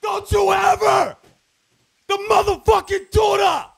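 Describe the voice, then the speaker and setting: A young man shouting curses and taunts at other players while gaming. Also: very high-pitched, steady tone, a little slow, gravelly, some chatter behind. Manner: yelling, cursing, taunting. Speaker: gamer streamer. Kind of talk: raging gameplay shouting.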